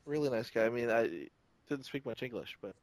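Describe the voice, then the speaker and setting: A man co-hosting a podcast in easygoing chat, his voice swinging widely in pitch as he gets animated. His mid-pitched voice sits close and dry in the recording. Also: a little fast, dry recording. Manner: animated, hops into quoted voices. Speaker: podcast co-host. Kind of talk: casual chat.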